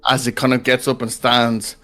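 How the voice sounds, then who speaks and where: A man's voice: mid-range voice, little pitch movement, moderate pace, sharp tone. A man running a tabletop game as game master, narrating loosely with lots of filler words and laughter.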